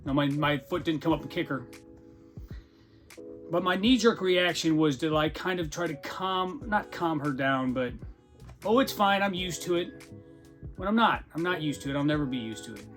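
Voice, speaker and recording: A man's voice: on the high side, moderate pace, a bit bright, soft background music. A man hosting a podcast, talking candidly about his own life in a conversational, self-deprecating way with a wry sense of humor. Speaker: podcast host. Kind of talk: candid personal monologue.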